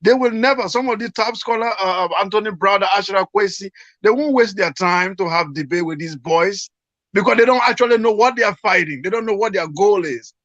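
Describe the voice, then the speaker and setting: A man's voice: sits high, fairly quick, a bit bright, no room sound. A man from Liberia with a Liberian accent, a guest on a video call who talks emphatically and repeats his points for force. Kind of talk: casual video-call conversation. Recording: dull lo-fi video call audio.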